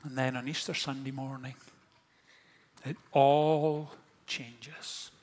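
A man, a pastor, preaching a sermon in a storytelling manner that moves from hushed lines to impassioned ones. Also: medium pitch, little pitch movement, takes it slowly, a little hiss or hum.

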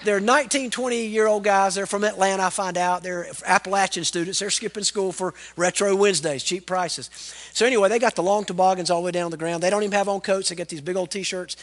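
A man, preaching a sermon as pastor in an animated, folksy storytelling way. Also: high voice, quick pace. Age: 40s.

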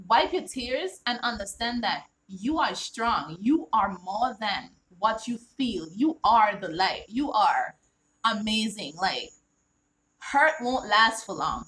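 Reading aloud from a children's book she wrote, a woman explains every line earnestly on her casual vlog and keeps asking "all right?". The recording is low quality, and her voice is fairly bright and on the high side.

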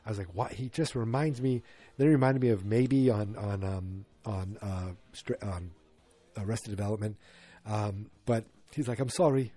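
A man hosting a podcast talks in a loose, rambling way, with many fillers and false starts. His voice is low and mellow with a husky grain. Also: steady tone, moderate pace. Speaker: podcast host. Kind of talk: casual chat.

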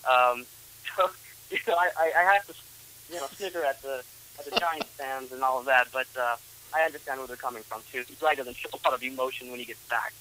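Male co-analyst, bright forward tone, halting with fillers. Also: medium pitch, poor audio. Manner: hesitant, many fillers and restarts. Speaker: sports analyst. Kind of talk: sports analysis chat.

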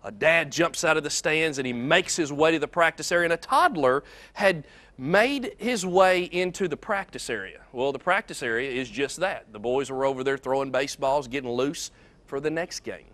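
Earnest preacher telling a story. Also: male voice, a little high, animated, normal speed. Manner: storytelling, earnest, swings between loud and soft. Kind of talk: sermon.

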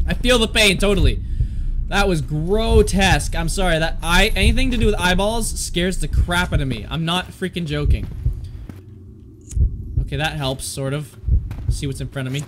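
A man's voice: high-pitched, normal speed, pauses often, noisy background. A man commenting on a horror game he is playing, jumpy and swearing, yelping in fright and joking to his viewers and the game. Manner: jumpy, swears a lot, yelps and panics; jokey self-talk to viewers and the game. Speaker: gaming channel host.

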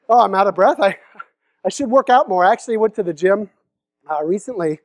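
A man's voice: high-pitched, expressive, normal speed, no echo. A young man from the Seattle area giving a comedic keynote talk at a conference, joking with the crowd and acting out silly voices. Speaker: conference speaker. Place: conference hall stage.

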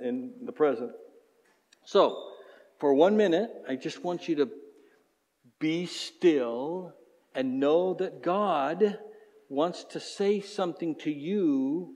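A man's voice: on the high side, a little mellow. A man preaching as a pastor in a conversational way, then leading a closing prayer. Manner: conversational, acts out everyday voices. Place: church hall. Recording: reverberant church hall.

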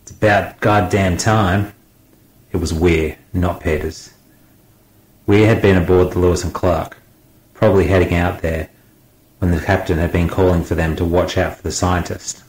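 A man reading an audiobook aloud in a steady, dramatic manner. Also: low-pitched, moderate pace, reverberant, rough recording. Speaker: guest audiobook narrator. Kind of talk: scripted audiobook narration.

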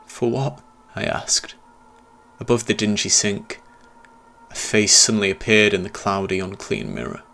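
A man's voice: on the low side, big pitch swings, normal speed, gravelly, bright, forceful tone. A man narrating a scripted horror story in a tense, dramatic telling.

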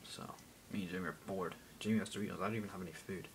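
A man's voice: low voice, fairly even intonation, rapid-fire, noisy background. A teenage boy rambling jokily into a phone camera, going off on random tangents. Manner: random, jokey, self-mocking, mutters asides. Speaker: vlogger. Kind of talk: rambling casual vlog.

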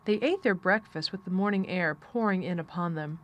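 A woman reading a classic novel aloud as an audiobook narrator, with steady, measured storytelling. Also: fairly low pitch, dull audio. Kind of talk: scripted narration.

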